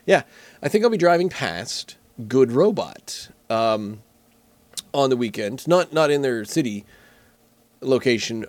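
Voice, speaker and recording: A man's voice: fairly high pitch, no room sound. A man casually reviewing beer alone, rambling and joking with frequent restarts. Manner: rambling, self-correcting, jokey. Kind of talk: casual solo talk.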